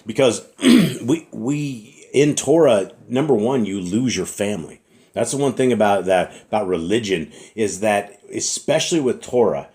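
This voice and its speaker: A middle-aged man preaching in an earnest, repetitive way, clearing his throat often and fighting a slight cough. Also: fairly low pitch, a little mellow. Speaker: religious teacher. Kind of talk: informal preaching monologue.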